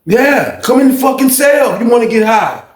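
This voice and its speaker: A man voicing a furious shirtless male inmate who shouts high and strained at someone by his door. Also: very animated, moderate pace, roomy sound, recorded from a distance. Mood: taunting.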